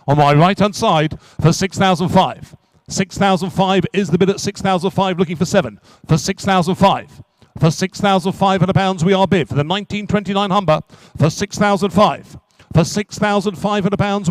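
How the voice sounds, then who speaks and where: A man working as an auctioneer at a live car auction, calling bids in quick repetitive runs. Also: high-pitched, dry recording. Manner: rapid repetitive bid calling.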